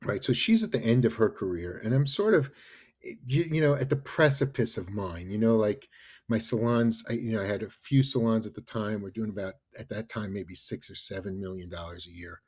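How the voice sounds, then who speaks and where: A man in his fifties from New York, a podcast guest telling animated stories and often adding "right?" and "you know". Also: on the low side, a little fast, husky. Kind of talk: casual storytelling interview.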